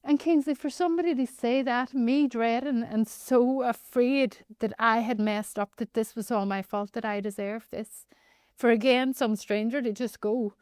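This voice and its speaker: A woman with a Northern Irish accent telling a personal story as a podcast guest, animated and often addressing the host by name. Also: on the high side, moderate pace, smooth, dry recording, studio quality. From Northern Ireland.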